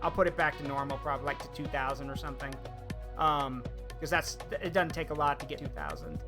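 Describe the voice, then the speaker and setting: A man's voice: medium pitch, lively intonation, quick pace. A man streaming a game, chatting in a rambling, teasing way. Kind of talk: casual gaming stream chat. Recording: game music behind.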